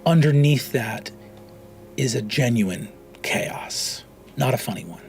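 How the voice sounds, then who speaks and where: A man's voice: mid-range voice, expressive, slow pace, darkish tone, soft background music. Rambling male game master. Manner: rambling, many fillers and restarts. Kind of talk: narrating a tabletop game.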